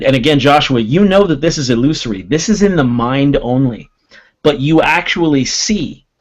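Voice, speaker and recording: A man narrates a tabletop game as game master, describing each scene. He corrects himself as he goes. His voice comes through dull and lo-fi. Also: a little high.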